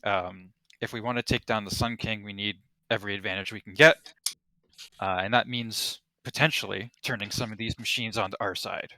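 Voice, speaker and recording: Guy doing a steady rebel leader handing out a mission, bright voice, dry. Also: on the low side, normal speed, no echo. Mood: briefing. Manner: briefing with hesitations, plain and direct. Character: male resistance leader, steady and commanding. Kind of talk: tabletop role-play voice.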